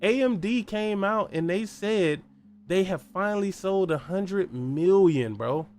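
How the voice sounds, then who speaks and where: A man's voice: sits high, lively intonation, a little slow, darkish tone, a little hiss or hum. A man hosting a solo gaming podcast, ranting in a heated, profane and mocking way and firing off repeated rhetorical questions. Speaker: podcast host.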